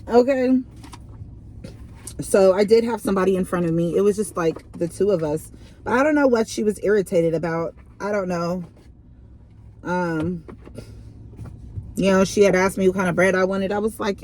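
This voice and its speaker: A woman's voice: on the low side, moderate pace, pauses often, darkish tone, a little hiss or hum. A young woman reading tarot in a casual vlog, chatty and rambling, full of fillers and restarts. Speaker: tarot reader.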